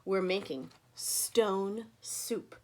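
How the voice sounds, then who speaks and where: A woman's voice: medium pitch, very slow, darkish tone. A woman voicing two traveling male cooks who boast grandly about their magical soup in a storybook reading. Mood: cheerful. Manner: grand, theatrical announcing.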